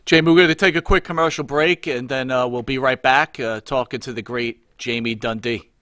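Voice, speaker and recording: A man's voice: mid-range voice, steady tone, brisk, pushed and bright, no echo, studio quality. A man hosting a radio talk show, announcing breaks and welcoming a guest. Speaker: host.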